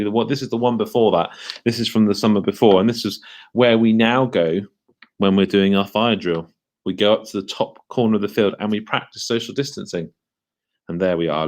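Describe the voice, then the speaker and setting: A man leading a school assembly for children, speaking in a lively, questioning way and slowing down to stress key words. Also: on the low side.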